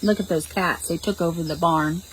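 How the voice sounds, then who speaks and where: A woman reading a picture book aloud to preschool children in a slow, expressive storytime voice and stopping to explain words. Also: on the low side, slight background noise, low-quality recording. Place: public library.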